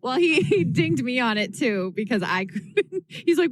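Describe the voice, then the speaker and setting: A woman's voice: sits high, very animated, unhurried. A woman co-hosting a podcast, chatting casually with lots of laughter and teasing. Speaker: podcast co-host. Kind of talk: casual chat.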